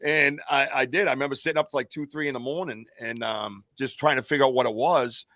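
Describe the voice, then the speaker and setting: A man's voice: medium pitch, steady tone, fast, sharp tone, no echo, clean studio sound. A man co-hosting a podcast, telling a long personal story in a rambling way, full of fillers and restarts. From United States. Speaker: podcast co-host. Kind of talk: casual storytelling.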